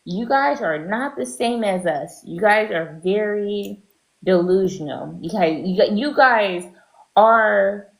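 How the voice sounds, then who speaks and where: A woman's voice: mid-range voice, expressive, takes it slowly, gravelly, roomy sound, rough recording. A woman speaking bluntly and scornfully on an online panel, with many ums and restarts. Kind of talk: opinionated online panel talk.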